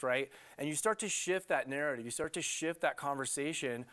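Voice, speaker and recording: A middle-aged man, a love coach, talking as a guest in a TV studio interview, animated and rambling with lots of fillers. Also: on the high side, fairly quick, hardly any pauses.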